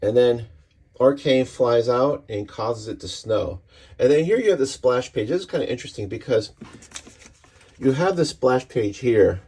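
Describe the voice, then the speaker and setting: A man casually walking through a comic issue page by page, talking in a relaxed, rambling way with many fillers. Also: medium pitch, slightly rough. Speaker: comic book reviewer.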